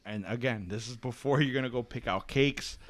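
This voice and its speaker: A man hosting a casual podcast, chatty and excitable, often cutting in with questions. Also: mid-range voice, fairly quick. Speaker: podcast host.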